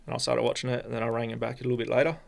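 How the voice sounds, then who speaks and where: An Australian man, a podcast guest, telling a personal story in a halting, rambling way with many restarts. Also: medium pitch, level tone, gravelly. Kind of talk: casual storytelling.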